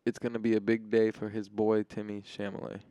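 A man's voice: fairly low pitch, completely flat delivery, fairly quick, mellow, dry recording. A man co-hosting a casual podcast chat, teasing and joking with his friends. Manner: teasing, jokey. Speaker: podcast co-host.

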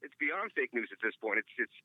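A man's voice: mid-range voice, sing-song, quick pace, dry recording. New York man calling in on a muffled line. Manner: rambling, many fillers and restarts. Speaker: caller. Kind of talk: casual call-in chat. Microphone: phone call.

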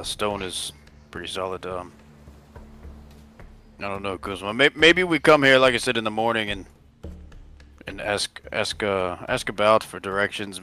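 Low, bright-toned man thinking aloud in play. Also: smooth. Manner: hesitant, thinking aloud, many fillers. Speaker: tabletop game player. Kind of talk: in-character tabletop role-play.

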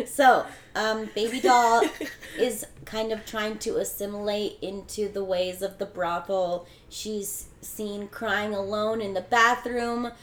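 A woman's voice: mid-range voice, flat delivery, slow pace. A young woman casually retelling a film plot as a podcast co-host, chatty and full of fillers. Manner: chatty, filler-heavy storytelling. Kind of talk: casual film recap chat. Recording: roomy echo.

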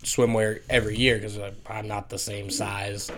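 A man's voice: lowish voice, flat delivery, moderate pace, background noise. A young man casually co-hosting a podcast, joking crudely and acting out quotes as he tells stories. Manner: crude, joking storyteller who acts out quotes. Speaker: podcast co-host.

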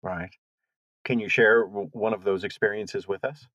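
A man hosting a podcast interview, friendly, with quick interjections and stammering restarts. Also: fairly low pitch, steady tone, fairly bright tone, no room sound. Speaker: podcast host. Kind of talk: casual interview. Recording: dry, dull lo-fi audio.

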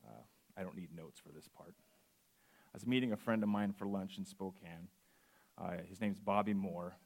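A man's voice: low voice, normal speed, creaky, a little mellow. A man in his forties, a guest preacher, reading scripture earnestly and then sharing a personal testimony. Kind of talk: sermon.

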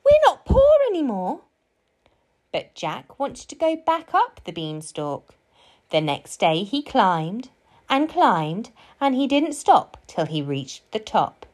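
Woman storybook reader, slow, expressive, melodic read-aloud. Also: mid-range voice. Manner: slow, sing-song and expressive.

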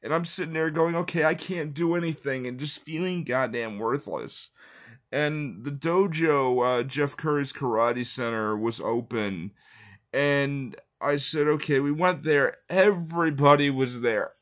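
A man's voice: medium pitch, a little slow, a bit bright. A man in his thirties from the United States telling a personal story in a rambling way, full of fillers, that turns heated as he goes.

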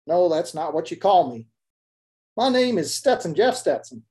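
A man's voice: fairly high pitch, very animated, normal speed, warm tone. A Midwestern man voicing a grumbling, joking Texan man with a Texas accent in a folksy, wry storytelling manner.

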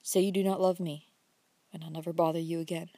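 Woman reading an earnest young suitor for an audiobook; low, hushed, insistent. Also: level tone, quick pace, no room sound. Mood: earnest pleading. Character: earnest young man courting his sweetheart.

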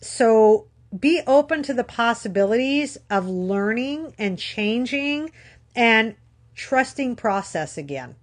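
A woman giving a candid motivational talk about weight loss, earnest and frank, with tough-love asides and repeated phrases. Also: medium pitch.

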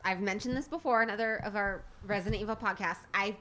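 A woman's voice: mid-range voice, fast, a bit bright, slight background noise. A woman co-hosting a podcast in casual chat, giggly and often cutting herself off. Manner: giggly, self-interrupting. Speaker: podcast co-host.

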